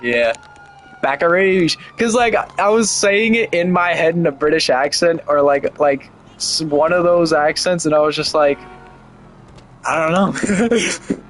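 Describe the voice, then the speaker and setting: A young man chats loosely on a gaming stream, wandering from thought to thought with filler words and casual swearing. His voice sits a little high for a man, with light background noise. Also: lively intonation, unhurried, rough recording. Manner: rambling, full of "like" and swearing.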